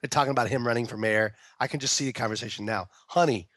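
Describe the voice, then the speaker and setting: A man co-hosting a podcast in laid-back casual chat, quick to agree. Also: mid-range voice, fairly even intonation, bright, forceful tone, no room sound, studio quality. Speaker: podcast co-host.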